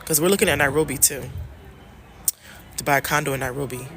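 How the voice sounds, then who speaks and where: A woman from the United States chatting casually in a travel vlog, animated and emphatic, repeating phrases and talking straight to her viewers. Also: sits low, brisk, a little hiss or hum. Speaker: travel vlogger and love coach.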